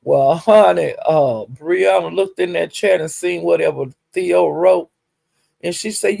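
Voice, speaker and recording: A woman's voice: sits low, a little slow, gravelly, warm tone, husky, dry recording. A woman gossiping on a casual livestream, sassy and profane, with drawling "well, honey" asides. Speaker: livestream commentator.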